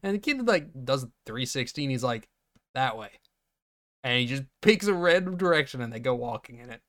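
A man's voice: medium pitch, a little fast. Man recapping a film, acting out scenes. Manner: animated retelling, acting out lines, laughing often. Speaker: podcast co-host. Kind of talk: casual movie recap chat.

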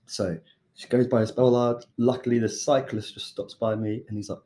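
A young British man, a chef, casually telling a lively story and acting out the voices of the people in it. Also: medium pitch, moderate pace. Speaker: chef and podcast guest.

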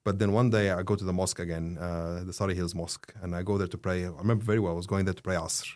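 A man from Egypt telling his story as an interview guest, animated and rising in pitch and volume for emphasis. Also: racing.

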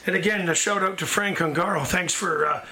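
A man hosting a casual interview show, chatty and quick to compliment his guest. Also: high-pitched, over a noisy crowd. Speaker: podcast host, dog trainer.

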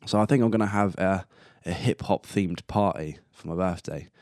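Young man, 20s, solo podcast host: very deep voice, dry close-mic sound, rambling and self-amused. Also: normal speed, darkish tone, dry recording. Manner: rambling and self-amused, laughing at his own jokes. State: coughing and burping now and then. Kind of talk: casual solo podcast monologue.

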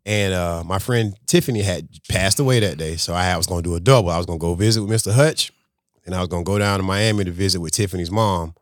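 A man, a restaurant owner and podcast guest, telling a story in a casual, animated way and acting out conversations. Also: low voice, fast talker, no room sound, studio quality.

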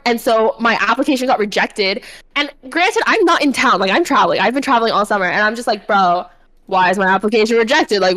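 A woman's voice: a little high, bright, forceful tone, poor audio. A young woman co-hosting a podcast, ranting animatedly in casual chat, swearing and filling every sentence with "like". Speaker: podcast co-host.

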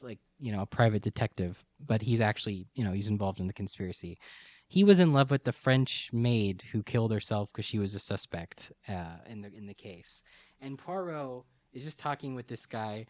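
A man's voice: fairly low pitch, expressive, moderate pace, darkish tone, no echo. A man co-hosting a podcast, chatting casually about a book and working out details aloud as he talks. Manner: chatty, thinking aloud and self-correcting. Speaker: podcast co-host.

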